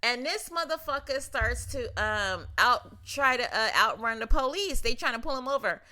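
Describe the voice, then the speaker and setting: A woman's voice: fairly high pitch, moderate pace. A young woman from Long Beach, California, co-hosting a podcast and telling stories in casual, profane chat, often laughing. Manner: animated, profane, laughing storyteller. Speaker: podcast co-host.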